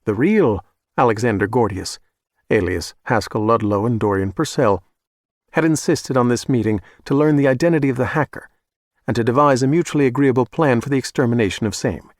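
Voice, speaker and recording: A man reading a suspense audiobook at a measured, steady pace, with a mid-pitched voice. The studio recording is close and dry, with no room sound. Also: dry recording. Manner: measured, even storytelling. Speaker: audiobook narrator. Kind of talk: scripted audiobook narration.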